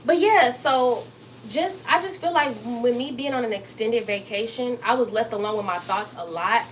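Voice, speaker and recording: Young woman, bit high voice, chatty livestream host cooking in her kitchen, faint room noise. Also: normal speed. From Texas. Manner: chatty, talks straight to viewers, bursts up high to greet them. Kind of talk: casual livestream chat while cooking. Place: home kitchen.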